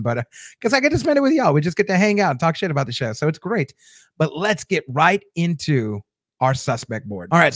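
Guy hosting a tv recap, kinda high voice, rambly and chatty, dry close sound. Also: no room sound. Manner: rambling and chatty, with many fillers and restarts. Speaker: host of a TV episode recap show. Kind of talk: casual episode recap talking to viewers.

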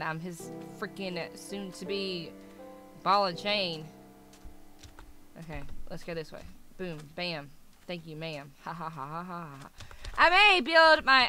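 A young woman giving excitable, chatty commentary while playing a game, squealing and talking to the animals. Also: on the low side. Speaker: gaming YouTuber. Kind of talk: casual gameplay commentary.

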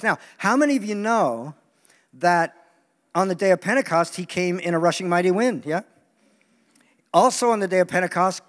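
Man, sermon, lively and joking, high voice, long hall echo. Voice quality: animated, joking, acts out quoted voices. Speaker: preacher. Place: large meeting hall.

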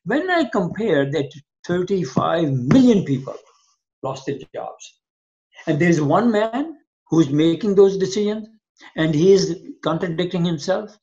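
A man's voice: high voice, expressive, a little slow, warm tone. An older man, a physician guest in an interview, telling long stories and acting out both sides of past conversations. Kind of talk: interview storytelling. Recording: dull lo-fi sound.

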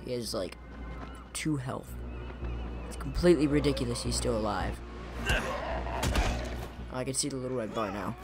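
A man's voice: medium pitch, moderate pace, pauses often, over loud music. A young man giving casual, rambling commentary over his own gameplay, often correcting himself mid-sentence. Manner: rambling, self-correcting, chuckling. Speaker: gaming YouTuber. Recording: audible background noise.

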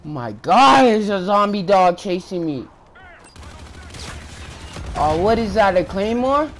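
A gaming YouTuber giving live gameplay commentary at home, frustrated and swearing, with loud shouted outbursts. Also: medium pitch, very animated, takes it slowly, slight background noise.

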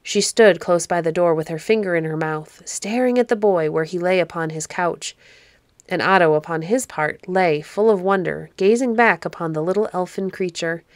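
A woman narrating a classic children's novel aloud, measured and expressive. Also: on the low side, dry recording. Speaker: storyteller.

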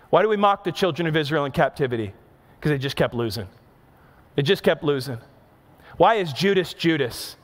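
High-voiced pastor in a reverberant hall. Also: male voice. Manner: chatty storytelling with audience asides, rising to emphatic repeated questions. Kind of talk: sermon. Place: church auditorium. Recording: long reverb of a large hall.

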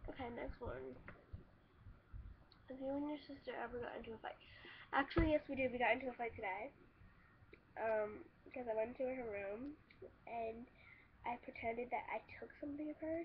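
A woman's voice: high voice, lo-fi sound, a little hiss or hum. A woman chatting casually to camera, answering questions, rambling and swearing with lots of restarts. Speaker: vlogger.

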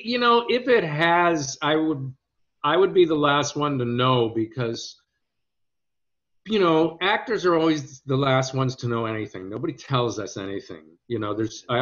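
Actor guest telling stories, lo-fi sound. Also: male voice, medium pitch. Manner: storytelling, hesitant restarts, quotes others in lively voices. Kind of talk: conversational interview. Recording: dull lo-fi audio.

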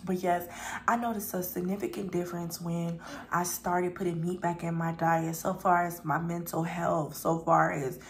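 A young woman talks casually to her viewers while she eats on camera, calling them y'all and pausing for the odd burp. Her voice sits a little low, with a gravelly, fried edge. A faint hum of room noise runs behind her. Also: level tone. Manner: chatty, talks to viewers as y'all, burps between bites. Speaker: mukbang vlogger. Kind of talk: casual chat while eating.

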